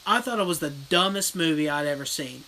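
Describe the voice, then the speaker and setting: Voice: mid-range voice, a little fast, slight background noise, rough recording. A horror vlogger in a casual livestream rant, retelling a film bluntly with lots of swearing. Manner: blunt, profane, animated storytelling. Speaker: horror vlogger reading live chat.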